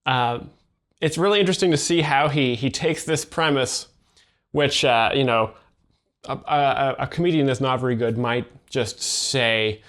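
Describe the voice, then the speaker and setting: A man hosting and explaining jokes in a flat, deadpan, hesitant commentary. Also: mid-range voice, a little slow, slight background noise. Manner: flat, hesitant, full of fillers. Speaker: host and joke explainer.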